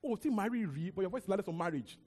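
This young adult preacher, Nigerian-accented, races through his sermon with a breathy edge and a high-sitting voice. It's animated and conversational, peppered with repeated words and asides, all wrapped in long hall reverb.

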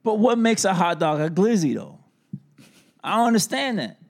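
A man in his forties chatting casually as a podcast host, animated and incredulous, full of street slang. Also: high-pitched, normal speed. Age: 40s. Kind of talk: casual chat.

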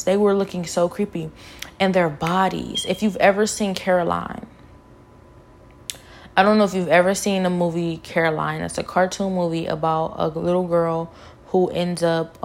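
A woman's voice: on the low side, gravelly, a little mellow. A young woman telling an emotional personal testimony, fervent and repetitive, with many "like" fillers. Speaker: vlogger sharing a personal testimony.

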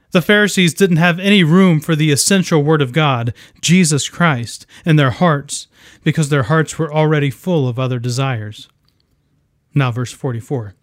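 Man, fairly high voice, dry close sound; measured earnest Bible teaching read from a script. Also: no room sound.

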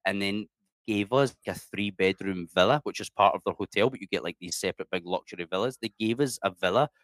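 Here the middle-aged Scotsman talks fast in a lowish, somewhat bright voice, recorded dry. As an interview guest he tells relaxed stories, cursing freely and dropping "mate" often.

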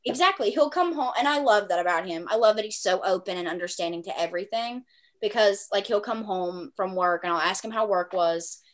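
Chatty lady podcast host, laughs a lot, says like constantly, middle pitch. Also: a little fast. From small town. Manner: chatty, lots of "like" fillers, laughs easily. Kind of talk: casual chat.

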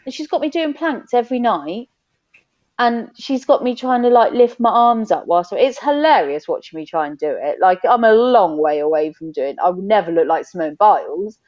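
A woman's voice: medium pitch, expressive, moderate pace, a little mellow, highs cut off. A woman in her thirties, chatting openly as a podcast guest and telling stories with laughter. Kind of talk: casual chat.

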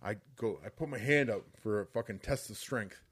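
A man co-hosting a podcast, telling a story in an animated, profane way with frequent laughter, close to the mic. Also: fairly low pitch, normal speed, husky, no room sound. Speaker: podcast co-host. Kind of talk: casual storytelling.

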